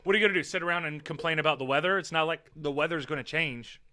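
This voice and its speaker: Man, high and bright voice, loose profane streamer chatter, teasing the chat, dry close mic. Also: very fast, no room sound. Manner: rambling, profane, teasing, laughs often. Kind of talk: casual live-stream chat.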